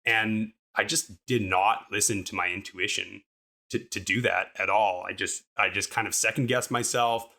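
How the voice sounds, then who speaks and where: Low, bright-toned young man telling a story. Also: fairly even intonation, moderate pace, vocal fry. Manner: rambling, upbeat, lots of fillers like "like" and "um". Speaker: podcast co-host and guest recounting a climbing fall. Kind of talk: casual storytelling interview.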